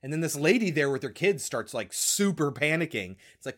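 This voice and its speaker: A man's voice: a little high, brisk. A man casually recapping a horror film on a podcast, swearing and acting out scenes. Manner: animated storyteller, swears, slips into voices. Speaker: podcast co-host.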